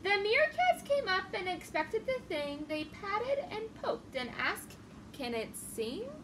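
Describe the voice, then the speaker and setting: A young woman reading a rhyming children's picture book aloud, expressive and singsong. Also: very high voice, slow, far from the mic, slight background noise. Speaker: children's story reader.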